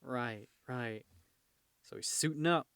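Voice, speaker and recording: A man casually reading a comic book aloud, stopping often to joke and laugh, and now and then shouting the characters' lines. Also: mid-range voice, slow, smooth, no echo. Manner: reads panels aloud, breaking off to joke and laugh; shifts into loud shouted character voices for dialogue. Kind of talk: casual comic read-along with commentary.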